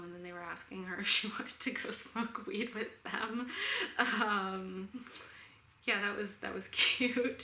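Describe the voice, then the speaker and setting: Young woman, bright tone, casual chatty storyteller who laughs easily; roomy echo, faint background hiss. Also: mid-range voice. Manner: chatty, laughs often, many "like" fillers. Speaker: knitting vlogger.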